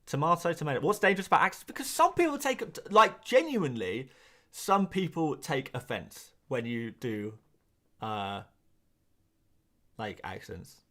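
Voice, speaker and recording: A young man from England chatting casually on a live stream, reading and answering chat questions in a rambling, animated way with quick asides. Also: medium pitch.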